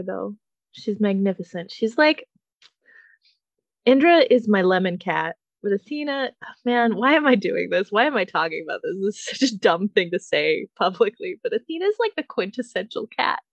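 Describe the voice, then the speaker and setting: A woman's voice: mid-range voice, no room sound, dull audio. A woman co-hosting a casual podcast, rambling, swearing freely and laughing often. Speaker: podcast co-host. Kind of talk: casual chat.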